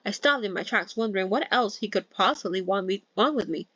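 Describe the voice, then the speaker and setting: A woman's voice: mid-range voice, animated, brisk, a bit bright, slightly rough, no echo, dull audio. A young woman casually reading a novel aloud, breaking in with swearing jokes and corrections. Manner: joking asides, swears, self-corrects. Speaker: novel reader. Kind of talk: casual novel read-along with commentary.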